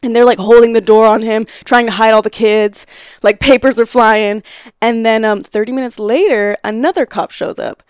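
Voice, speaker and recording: A young woman in her twenties with a smooth, clear voice, telling a story as a podcast guest. She is animated and laughs often, acting out quoted lines as she goes. The sound is dry and close, with no room echo. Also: a little high, normal speed. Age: 20s. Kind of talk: casual storytelling conversation.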